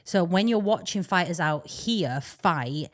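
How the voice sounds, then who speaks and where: A young woman chats casually as a podcast co-host. She rambles, laughs often and speaks in a slightly low voice. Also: lively intonation, measured pace. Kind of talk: casual chat.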